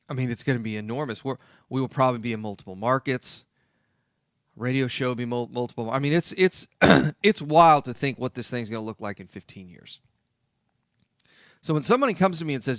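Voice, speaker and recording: A man's voice: mid-range voice, expressive, moderate pace, pauses often, fairly bright tone, no room sound, studio quality. A man hosting a talk radio show, speaking emphatically and repeating his key points.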